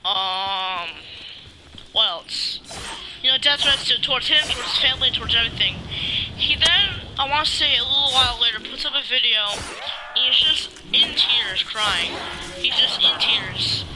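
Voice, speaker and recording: High-voiced man rambling over background noise. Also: expressive, normal speed. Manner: rambling with many restarts and filler words; swears casually. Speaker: gaming YouTuber. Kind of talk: casual rant vlog. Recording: noisy background hum.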